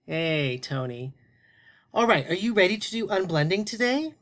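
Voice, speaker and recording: A man teaching a phonics lesson to young children, prompting them slowly and deliberately. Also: high-pitched, sing-song, fairly bright tone.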